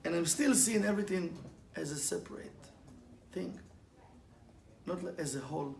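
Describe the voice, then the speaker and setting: Guy teaching kabbalah stuff, high voice, lively, laughs a lot, echoey room w/ a little hiss. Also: moderate pace, vocal fry. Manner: animated, laughs often, acts out quotes and sound effects. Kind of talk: informal spiritual lesson with storytelling. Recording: echoey room with faint ambient noise.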